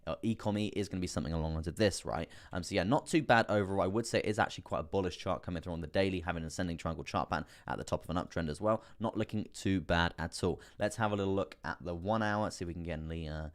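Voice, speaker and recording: Young male streamer, deep low voice, laid-back rambling chart talk to his viewers. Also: racing, hardly any pauses. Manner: chatty, fillers, repeats phrases, addresses viewers as guys and man. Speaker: crypto live stream host. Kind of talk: casual live chart analysis.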